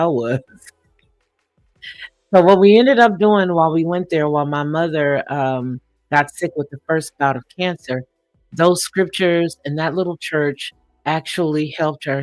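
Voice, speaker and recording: Give me a chuckling, reflective live-stream host with a dry, close sound and soft music behind. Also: medium pitch, no echo. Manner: reflective, chuckling, filler-heavy. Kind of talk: personal storytelling on a live stream.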